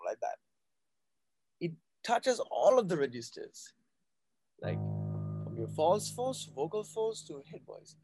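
A man's voice: high-pitched, very animated, slow pace, long pauses, darkish tone, husky, dry recording, soft background music. A man teaching a live voice class, explaining patiently and often checking in with his students. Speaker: voice coach.

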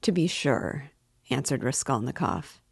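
A woman reading a classic novel aloud in a slow, measured way, lightly shifting her voice for each character. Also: rumbling low, very animated, creaky, husky, no room sound, clean studio sound. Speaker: reader. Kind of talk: audiobook-style novel reading.

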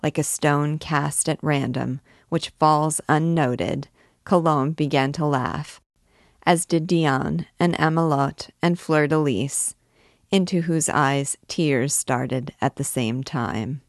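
A woman reading a classic novel aloud in a measured, expressive storytelling manner. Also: deep voice, dry recording, studio quality. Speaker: reader.

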